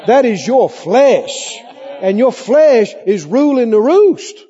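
A man with a very high-pitched, slightly rough voice preaches a sermon slowly but with lively delivery, playing out cravings in mock voices. It was recorded on muffled tape in a hall.

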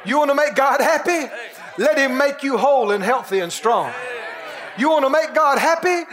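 A man preaching a sermon with exuberant energy, stretching out his phrases for emphasis and breaking into laughter and shouted exclamations. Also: extremely high pitch.

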